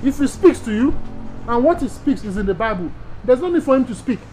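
A man's voice: very high-pitched, very animated, a little fast, darkish tone, soft background music, rough recording. A man from Nigeria with a Nigerian accent, a pastor giving an emphatic teaching sermon to other pastors, repeating key phrases and asking rhetorical questions.

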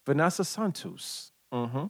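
A man's voice: medium pitch, gravelly, heavy background noise. Haitian-accented man, casual podcast host. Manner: laid-back, laughs often, reads the intro haltingly.

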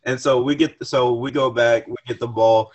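A man's voice: medium pitch, steady tone, normal speed. A young man, a podcast guest, telling a profane, rambling story in casual chat with many restarts. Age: young adult.

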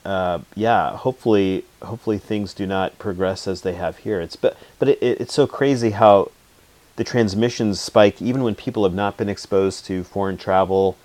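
Deep-voiced American man interviewing. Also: moderate pace, no room sound. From Oregon, United States. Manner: relaxed, affirming, asks follow-up questions. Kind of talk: casual conversation.

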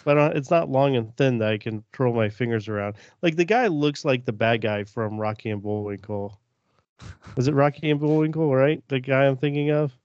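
A man's voice: mid-range voice, normal speed, darkish tone, dry recording. Joking man on a dull, dry mic. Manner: joking, playful, argumentative. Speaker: podcast co-host. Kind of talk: casual chat.

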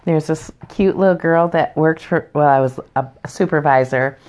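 A woman's voice: low voice, normal speed, darkish tone. A woman co-hosting a casual podcast, telling an anecdote in a wry, laid-back way. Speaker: podcast co-host. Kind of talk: casual chat.

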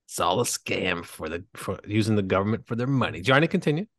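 Lively low-voiced man hosting. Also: fast, no room sound, studio quality. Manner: teasing, steers the talk. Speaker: podcast host. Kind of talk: casual chat.

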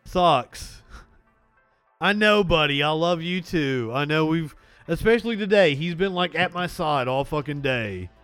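A man's voice: on the high side, animated, a bit bright, clear, resonant tone, soft background music. Rambling, profane male host. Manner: rambling, profane, self-deprecating, halting restarts. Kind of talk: crude comedic banter. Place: home studio desk. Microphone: desk mic with soundboard.

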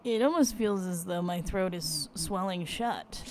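Female comedy co-host, low-ish voice, earnest and oddly formal. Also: a little slow, darkish tone, slight background noise. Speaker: podcast co-host in character as a park ranger. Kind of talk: improvised comedy.

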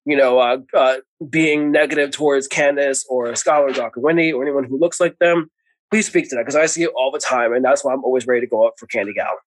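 A man hosting a casual podcast chat, animated and opinionated, often repeating himself for emphasis. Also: mid-range voice, quick pace, rough recording. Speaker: podcast host.

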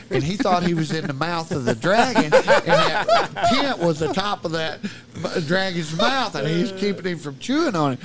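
A man's voice: fairly high pitch, wildly swooping pitch, moderate pace, a bit bright. Guy spinning a long story on a podcast, cusses a lot, restarts his sentences constantly. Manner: profane, colorful, self-interrupting. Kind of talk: rambling storytelling in casual chat.

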